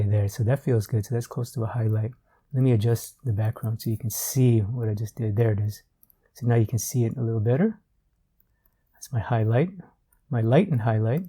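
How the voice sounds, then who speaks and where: A man giving a relaxed art tutorial while he works, thinking aloud with fillers and repeated words. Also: medium pitch, husky. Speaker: art instructor.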